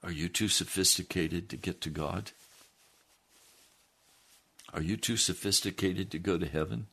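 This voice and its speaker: Male preacher, low voice, earnest storytelling sermon with direct exhortation. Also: measured pace, gravelly, pushed and bright, breathy edge. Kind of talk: sermon with a first-person story reading.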